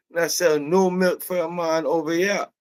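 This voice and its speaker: A man voicing a loud, mocking Jamaican coffee-shop worker, shouting high and excited with a Jamaican accent. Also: slow, smooth. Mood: mocking, outraged. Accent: Jamaican, put on.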